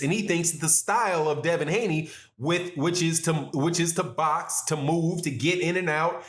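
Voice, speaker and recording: A man's voice: a little high, a bit bright. A man giving solo boxing commentary in a casual, conversational way, often restarting phrases and checking in with "right?". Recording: roomy echo.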